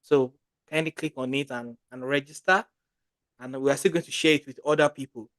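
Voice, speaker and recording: A man's voice: mid-range voice, fairly even intonation, a little fast, fairly bright tone, no room sound. Man hosting a webinar, dry sound. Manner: hesitant, with fillers and restarts. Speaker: webinar host. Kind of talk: hosting an online session.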